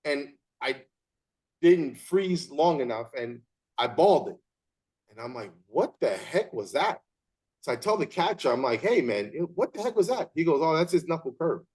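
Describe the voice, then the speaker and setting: Animated high-voiced male storyteller. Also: moderate pace. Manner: animated storyteller, acts out scenes. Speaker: interview host and umpire. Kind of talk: casual storytelling chat.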